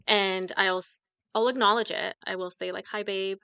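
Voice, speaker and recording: A woman's voice: medium pitch, steady tone, normal speed, gravelly, pushed and bright, clear, resonant tone, no echo. A woman talking candidly and tearfully about grief on a podcast, close to tears at times. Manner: candid, tearful, speaks of grief with nervous laughs. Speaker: podcast co-host. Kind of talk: emotional casual podcast chat.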